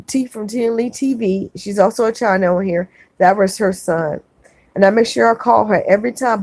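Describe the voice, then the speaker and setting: Soft-spoken consoling woman streamer. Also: medium pitch, normal speed, dry recording. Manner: gentle, consoling, repeats phrases. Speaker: livestream host reading chat. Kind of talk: casual livestream chat. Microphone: phone.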